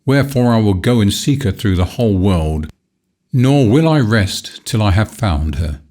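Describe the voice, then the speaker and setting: Proud mean fairy-tale boy, hard scornful old-fashioned talk, read by a guy with a deep voice. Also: lively intonation, normal speed, dark tone. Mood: remorseful. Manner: hard, scornful, archaic speech. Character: proud cruel boy, the star child.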